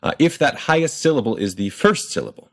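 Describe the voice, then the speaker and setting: A man explaining pronunciation in a clear, methodical lesson and sounding out example words. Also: mid-range voice, big pitch swings, fast talker, fairly bright tone. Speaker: language teacher.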